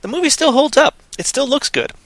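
A tired man rambling on a casual podcast, goofy, with sudden loud silly outbursts. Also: very high-pitched, expressive, brisk, no echo. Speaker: podcast co-host.

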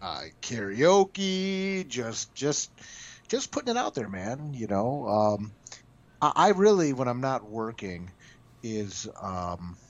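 A man's voice: mid-range voice, big pitch swings, slow. A man, a comic book writer, telling stories in a casual interview, talking animatedly with frequent restarts and stammered repeats. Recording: dull lo-fi audio.

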